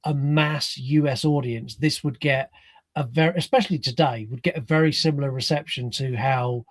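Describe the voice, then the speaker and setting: A British man in his thirties, co-hosting a podcast, telling stories in a quick, chatty way. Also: mid-range voice, steady tone, no room sound. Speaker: podcast co-host. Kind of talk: casual film chat.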